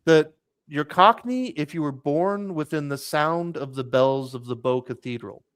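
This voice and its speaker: A man's voice: a little high, measured pace, a bit bright, clean tone, no echo, clean studio sound. Rambling man telling a travel story. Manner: rambling storyteller, many restarts and "like"s. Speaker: podcast host. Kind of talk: casual chat.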